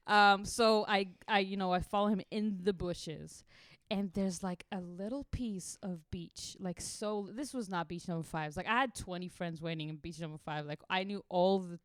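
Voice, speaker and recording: A woman's voice: mid-range voice, normal speed, no echo, clean studio sound. A young woman from Israel, a podcast co-host, telling a wild travel story casually, swearing freely and laughing through it.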